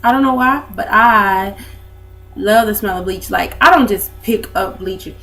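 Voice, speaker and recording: A woman's voice: mid-range voice, measured pace, a bit bright, soft background music. A young woman, rambling in a casual vlog with lots of fillers. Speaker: vlogger. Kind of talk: casual chat to camera.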